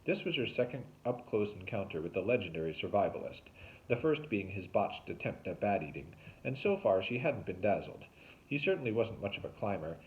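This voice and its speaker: A man, a teacher, reading a novel aloud with expressive storytelling. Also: fairly quick. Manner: expressive storytelling with lively pitch. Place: home, remote recording. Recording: tinny phone-like sound.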